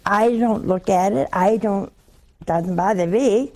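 Gravelly-voiced woman preaching with folksy humor. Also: medium pitch, mellow, a little hiss or hum. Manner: folksy storytelling with slow, drawn-out emphasis. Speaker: religious speaker. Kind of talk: humorous sermon.

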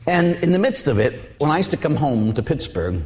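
A man preaching a sermon as a priest, telling stories with animated voices. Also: a little high, a little fast, big-room sound. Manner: animated storytelling, acts out voices and hugs.

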